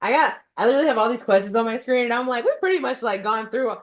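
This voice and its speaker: A woman hosting an interview, bantering casually in a relaxed, slangy way. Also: on the high side, fast. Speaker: podcast host.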